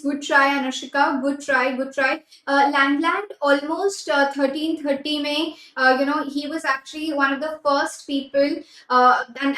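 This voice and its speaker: A woman with an Indian English accent leads a live online class in a high, bright voice. She switches freely between Hindi and English, repeats her key phrases and cheers students on by name. The room gives her voice a roomy echo. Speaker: exam prep teacher.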